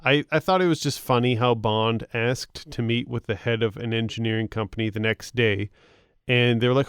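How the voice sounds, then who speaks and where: A man's voice: medium pitch, fairly even intonation, normal speed, clear, resonant tone, no echo, clean studio sound. A man co-hosting a podcast, giving easygoing casual opinions on a film. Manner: easygoing, laughs along, frequent agreeing fillers. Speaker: podcast co-host. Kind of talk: casual film review chat.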